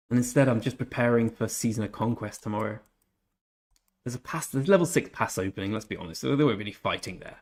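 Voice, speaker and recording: A man's voice: medium pitch, fast, a little mellow. A young man giving casual, jokey commentary while live-streaming a strategy game and chatting with viewers. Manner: chatty, jokey, reads out chat messages. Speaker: gaming streamer.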